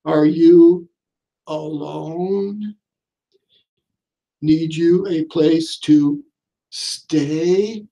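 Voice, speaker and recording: Man reading as a huge quiet motel keeper, slow, halting, fairly high voice. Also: steady tone, creaky, heavily acted. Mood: ominous.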